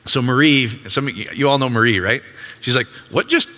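Male ministry leader, 50s, casual upbeat sermon delivery, bright tone, long hall reverb. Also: medium pitch, brisk. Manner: conversational, upbeat, asks rhetorical questions.

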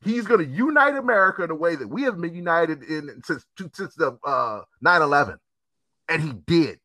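A man hosting a casual chat, ranting in an animated, profane, emphatic way. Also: on the high side, normal speed, no room sound.

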